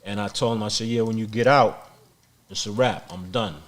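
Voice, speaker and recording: A man's voice: fairly low pitch, normal speed. Blunt, profane middle-aged man storyteller. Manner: blunt, profane, repeats words when excited. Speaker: podcast guest. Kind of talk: street storytelling interview.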